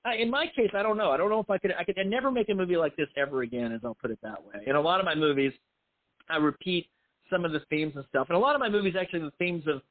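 A man's voice: high voice, very fast, no room sound. A middle-aged man, a film writer and director, talking casually in an interview, rambling and self-deprecating with many restarts. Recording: tinny phone-like line.

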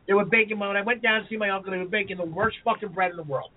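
A man's voice: high-pitched, crowd noise. A man telling stories on a podcast in casual chat, swearing a lot. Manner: rapid, profane storytelling. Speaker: chef and podcast co-host. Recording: phone-like sound with faint noise.

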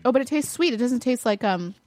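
A woman's voice: on the high side, animated, fast talker, darkish tone, dry recording. A woman co-hosting a podcast, chatting casually and giggling as she reacts to foods she is tasting. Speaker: podcast co-host. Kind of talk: casual chat while taste-testing food.

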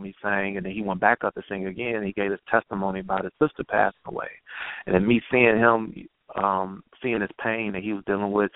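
Gravelly low-voiced man over a phone line. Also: no room sound. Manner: earnest, halting, many restarts. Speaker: guest poet. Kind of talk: personal storytelling in an interview. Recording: tinny phone-line sound.

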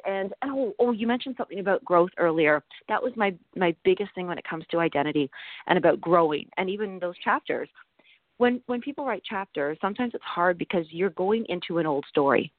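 A middle-aged woman talks animatedly as a guest, laughing often between thoughts. Her voice sits in an ordinary middle pitch and arrives dry, squeezed through a thin phone-like line. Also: lively intonation, quick pace, no room sound. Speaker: interview guest, author and nutritionist. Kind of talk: casual interview conversation.

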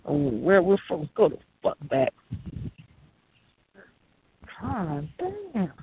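A man with a raspy, gravelly voice, rambling and swearing in a loose monologue. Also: a little high, animated, normal speed, dry recording. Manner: profane, rambling, laughs often. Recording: tinny phone-like line, dry.

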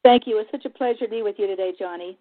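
A woman's voice: mid-range voice, very fast. A woman guest on a talk radio interview, speaking in an earnest, heartfelt and openly emotional way. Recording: tinny phone line.

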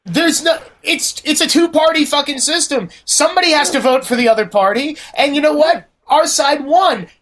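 A man's voice: very high-pitched, normal speed, few pauses, fairly bright tone. A man telling stories as a podcast guest, swearing freely and mimicking the people in his anecdotes. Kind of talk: casual storytelling chat.

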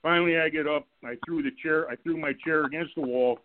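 A man, a former football coach, calling in to a radio show and telling lively stories about his old players and staff. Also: fairly high pitch, brisk, slight background noise. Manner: animated storyteller, acts out quotes, laughs along. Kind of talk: telling anecdotes on a call-in show. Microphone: telephone. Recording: tinny phone line.

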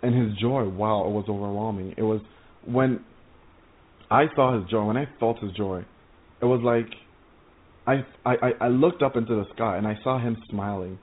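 Male preacher, earnest stumbling testimony, tinny lo-fi line. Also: on the low side. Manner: halting, repeats words, earnest. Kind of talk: testimony sermon. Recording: tinny phone-like audio.

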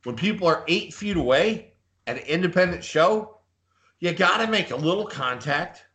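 Bright, boastful man telling wrestling stories. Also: a little high, lively intonation, normal speed. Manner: boastful, rambling storyteller. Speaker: podcast co-host. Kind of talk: casual live podcast chat.

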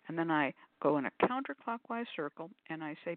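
A woman's voice: brisk, no room sound. An older woman talks her listeners through a hands-on demonstration, chatty and full of little ums. She now and then slips into quoted voices. The sound is narrow and phone-like, with a dry, close feel. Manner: chatty, demonstrates while explaining, many ums; acts out quoted voices with sudden pitch jumps. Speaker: host of call-in spiritual show. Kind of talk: casual panel discussion.

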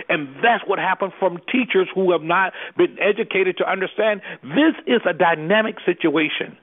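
This man, an anger management specialist, sounds almost like a preacher as he presses his case on a call-in discussion, asking question after rhetorical question. His high-pitched voice keeps a moderate pace with hardly any pauses, and the phone line sounds tinny.

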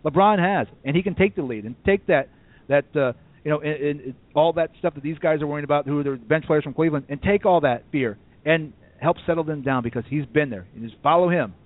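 A man's voice: on the high side, brisk, dry recording. A man co-hosting a sports talk show, arguing his opinions in casual chat. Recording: dry, tinny phone-like audio.

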